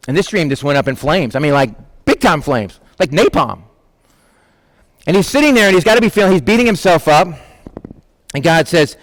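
A man's voice: a little high, no echo. A male pastor preaching an informal sermon, acting out Bible characters in casual modern speech. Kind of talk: conversational sermon.

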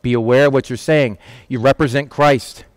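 A man's voice: medium pitch, fairly even intonation, moderate pace, no echo, studio quality. A man teaching on a Bible passage in a conversational way, asking rhetorical questions and acting out quoted voices. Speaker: preacher.

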